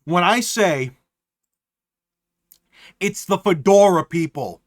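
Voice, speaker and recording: A man's voice: high-pitched, takes it slowly. A man streaming live, talking casually and ranting with lots of swearing. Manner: animated, profane ranting.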